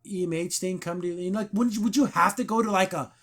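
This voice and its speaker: A man's voice: high voice, fast. A man hosting a podcast, chatting casually about a TV episode and acting out lines from it. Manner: animated, quotes characters in put-on voices. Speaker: podcast host. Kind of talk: casual review chat.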